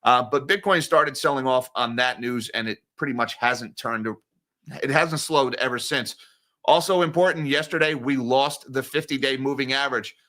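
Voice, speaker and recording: A man's voice: mid-range voice, normal speed. A man hosting a daily finance news show, running through market numbers in a casual, sarcastic, jokey way. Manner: sarcastic, animated, jokey asides.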